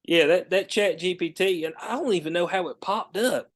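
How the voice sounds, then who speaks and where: A man hosting a podcast in casual chat, relaxed and slangy, acting out a rude clerk. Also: sits high, moderate pace. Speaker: podcast host.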